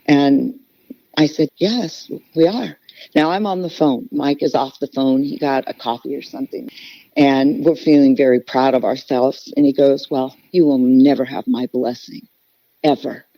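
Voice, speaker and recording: A woman's voice: very deep voice, normal speed, no room sound. A middle-aged woman, a podcast guest, telling a personal story earnestly and with feeling. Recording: dull, lo-fi podcast audio.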